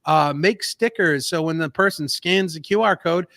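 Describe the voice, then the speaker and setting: A man's voice: a little high, normal speed, a bit bright, no echo, studio quality. An American man co-hosting a podcast, talking in an earnest, emphatic, somewhat preachy way. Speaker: podcast co-host. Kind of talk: casual podcast talk.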